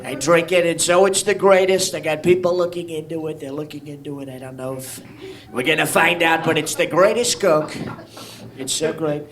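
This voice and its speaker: A man's voice: a little high, moderate pace, fairly bright tone, voice pushed up, natural voice. A stand-up comedian doing an impression of a boastful older male president who praises himself and tags sentences with "okay?". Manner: repetitive "okay?" tag, rambling bragging. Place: bar with live audience. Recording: crowd noise in a bar.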